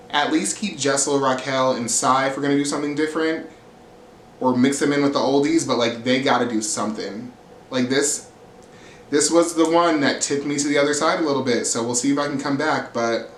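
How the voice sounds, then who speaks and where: Cursing freely, a man with a mid-range, fairly bright voice delivers a sassy, blunt, casual recap of a reality TV episode and acts out the quotes. The recording carries roomy echo and faint ambient hiss.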